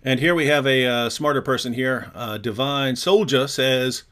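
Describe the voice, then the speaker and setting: A man's voice: medium pitch, moderate pace, few pauses, fairly bright tone. A man co-hosting a casual livestream chat, talking in a mocking, jokey way and laughing often. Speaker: co-host.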